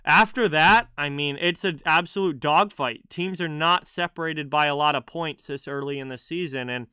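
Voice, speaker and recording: A man's voice: on the high side, normal speed, sharp tone, smooth, no room sound, studio quality. A man hosting a live hockey stream, chatting casually about the standings and answering viewers by name. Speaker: livestream hockey host. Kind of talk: casual live-chat commentary.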